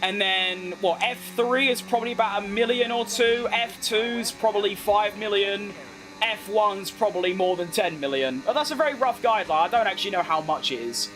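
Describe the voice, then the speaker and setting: A young man with a British accent, chatting casually as he streams a racing game, reacting fast and poking fun at himself. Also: high-pitched, a bit bright, soft background music. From United Kingdom. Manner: chatty, quick reactions to the race, self-mocking. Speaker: gaming streamer. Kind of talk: live gameplay commentary while reading chat.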